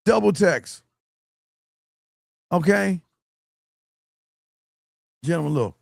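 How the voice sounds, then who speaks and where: A man hosting a livestream as a dating coach, talking bluntly and profanely and growing loud and scornful as he reviews a viewer's messages. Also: high-pitched, animated, drawn-out words, vocal fry, no echo, studio quality. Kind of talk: livestream advice talk.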